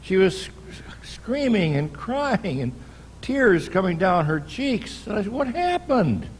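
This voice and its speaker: An older American man preaching a sermon in a church, telling a story at an unhurried pace with pauses and restarts. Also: high-pitched, big pitch swings, slight background noise. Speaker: pastor.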